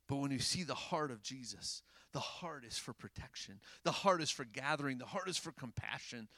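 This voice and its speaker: A man preaching a sermon in a casual, animated way, rising to loud emphasis and dropping to hushed tones. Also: medium pitch, normal speed, no echo.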